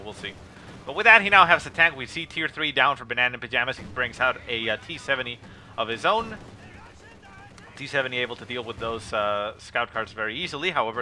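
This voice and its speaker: A man giving play-by-play commentary on a strategy game replay, calling the action with lots of "uh" fillers and quick bursts of excitement. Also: medium pitch. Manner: rapid play-by-play with frequent "uh" fillers, rising excitement at kills. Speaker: game caster.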